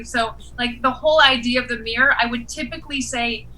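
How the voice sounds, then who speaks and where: A woman's voice: on the high side, a little fast, few pauses, bright, forceful tone, slight background noise, low-quality recording. A woman guest giving casual acting feedback, effusive and full of enthusiastic praise.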